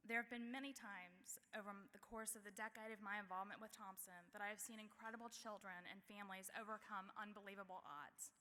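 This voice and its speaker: A woman advocate giving an emotional prepared speech, pausing to steady herself. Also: mid-range voice. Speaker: advocate and speaker. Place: large banquet hall. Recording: long hall reverb.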